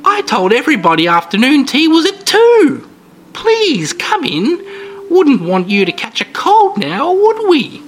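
Creepy sweet granny, shrill and high, kinda eerie, man doing the voice. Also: huge pitch swings, measured pace, slight background noise, heavily acted. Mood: sweetly insistent. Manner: high, shrill, sing-song old-lady voice. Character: frail, wiry elderly woman, sweetly unnerving.

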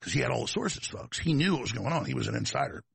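A man's voice: medium pitch, very animated, quick pace, creaky, breathy edge, dry recording. A man with a Texas accent, hosting a talk show in a rambling, combative, folksy monologue that wanders off on tangents.

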